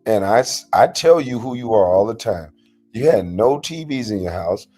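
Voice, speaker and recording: A man's voice: lowish voice, lively intonation, normal speed, dark tone, breathy edge, faint music behind. A man ranting in a confrontational, profane reaction vlog, mocking and calling someone out. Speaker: commentator reacting to a panel clip. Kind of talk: heated reaction vlog rant.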